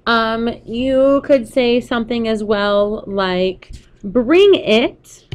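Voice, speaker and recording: A woman's voice: on the high side, very slow. Patient woman teacher explaining step by step. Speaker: Spanish teacher. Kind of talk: recorded classroom lesson.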